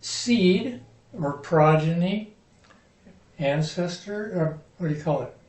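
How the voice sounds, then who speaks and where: A man teaches a Hebrew vocabulary lesson at an unhurried pace, pausing over each word and its stress. His voice sits a little high. The sound is roomy and picked up from some distance away. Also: animated, a little mellow. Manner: slow, patient, spells out words and stresses.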